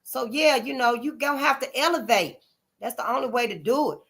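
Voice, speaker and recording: A woman delivers a loose spoken monologue to her viewers, emphatic and blunt. She cusses freely and circles back on her points like a preacher. Her voice sits a little high and sounds sharp and bright. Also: lively intonation, fairly quick. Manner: preachy, repeats points to drive them home. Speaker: channel host. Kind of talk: casual spoken commentary monologue.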